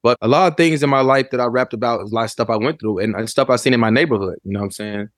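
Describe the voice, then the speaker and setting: A man's voice: medium pitch, rapid-fire, no room sound, clean studio sound. A middle-aged man from Memphis, a guest telling stories in a laid-back, casual way in an interview. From Memphis, Tennessee, USA. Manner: laid-back storytelling, frequent "you know what I'm saying". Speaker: rapper and producer, interview guest.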